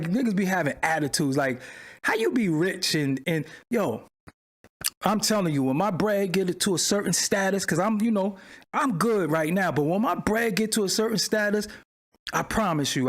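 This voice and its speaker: A man hosting a livestream in casual talk, loud and animated, swinging between excited exclaiming and low muttering. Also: normal speed. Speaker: livestream host. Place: home studio at his screen.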